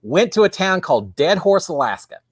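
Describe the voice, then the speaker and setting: Texan man host, folksy chatter, animated voice, dry close sound. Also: high voice, brisk, husky, no echo. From Texas. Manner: folksy, chatty, reads viewer comments aloud. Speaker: livestream host. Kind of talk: casual live-stream chat. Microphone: webcam with green screen.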